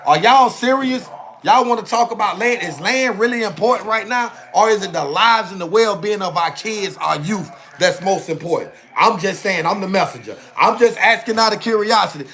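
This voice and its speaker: Animated man streaming, ending lines with "bro". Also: high voice. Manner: animated, repetitive, ends phrases with "bro" and "man". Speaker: channel host. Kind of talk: casual live-stream talk to viewers.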